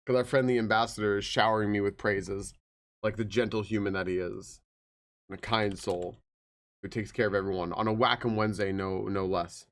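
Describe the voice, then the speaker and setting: A man's voice: on the low side, fairly even intonation, fairly quick. Chatty male streamer greeting viewers. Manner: chatty, greets viewers by name, swears casually. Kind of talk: casual live-stream chat. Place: home streaming room.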